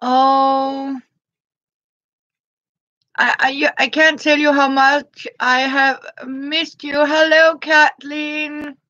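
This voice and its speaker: A woman, chatting gently on a live stream and greeting her viewers by name. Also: sits high, level tone, extremely slow, pauses often, dry recording, lo-fi sound. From Denmark. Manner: greets viewers by name between thoughts, gentle, frequent soft laughs. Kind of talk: casual live-stream chat.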